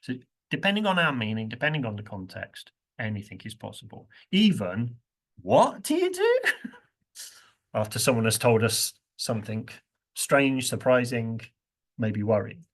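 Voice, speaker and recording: A man's voice: fairly low pitch, animated, moderate pace. A man leading a university workshop, playful, often laughing and acting out example phrases. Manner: playful, laughs often, acts out stressed words. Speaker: workshop presenter. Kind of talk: interactive workshop teaching.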